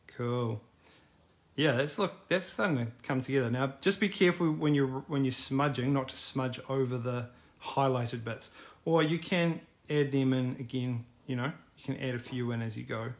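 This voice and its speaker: A man's voice: medium pitch, moderate pace. A middle-aged man teaching a live online drawing class in a casual, encouraging, chatty way. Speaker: art teacher.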